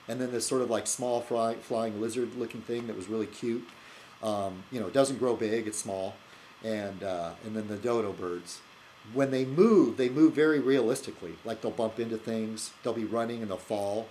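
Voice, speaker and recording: A man's voice: mid-range voice, slight background noise, poor audio. A man hosting his own video blog, talking in a loose, rambling way with many fillers and restarts. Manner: animated, laughs at his own jokes. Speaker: video blogger. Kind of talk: casual rambling monologue.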